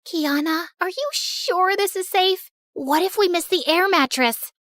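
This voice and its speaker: A timid teenage friend from an animated story, full of hesitant worry, voiced by a woman. Her voice rises high and drawn out. The sound is dry. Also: a little slow, dry recording. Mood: nervous.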